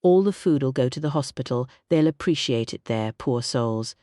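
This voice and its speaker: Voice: medium pitch, expressive, moderate pace, mellow, no room sound, studio quality, close to an everyday voice. A narrator voicing a nervous, chattering grey-haired housekeeper. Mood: fretful. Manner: fretful chatterbox, rambling.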